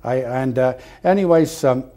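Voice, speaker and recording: Older man, retired fire captain, interview guest, mellow voice, lively storytelling with loud bursts. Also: medium pitch, normal speed. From Canada. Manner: animated storyteller, acts out dialogue, rising to loud bursts. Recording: television studio interview.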